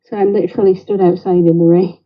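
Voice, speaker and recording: A woman with a Greater Manchester accent chats on a livestream call, quick to laugh. Her voice sits a little low, and the call audio is dull and lo-fi. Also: flat delivery. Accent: Northern English, Greater Manchester. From England. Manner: chatty, laughs easily. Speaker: caller. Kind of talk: casual chat. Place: garden outdoors in rain.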